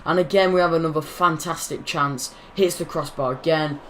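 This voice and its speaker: A man's voice: a little high, fairly even intonation, moderate pace, fairly bright tone, slight background noise. A young man hosting his gaming channel, casually commenting over football game footage, rambling and correcting his own slips.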